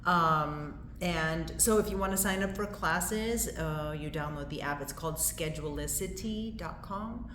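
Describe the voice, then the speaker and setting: A woman with a slightly low voice talks casually and in detail about her spin studio, laughing easily. She sounds like she is in an echoey room with a faint hiss underneath. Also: measured pace, hardly any pauses, a bit bright. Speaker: spin studio owner, guest. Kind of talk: casual interview chat. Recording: echoey room with light noise.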